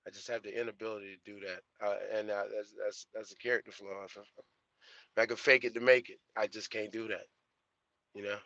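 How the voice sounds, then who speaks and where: A man's voice: on the low side, little pitch movement, quick pace, bright, forceful tone, no echo, dull audio. A young man streaming live as a trucker vlogger, chatting casually in a laid-back, slangy way and repeating himself. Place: truck cab.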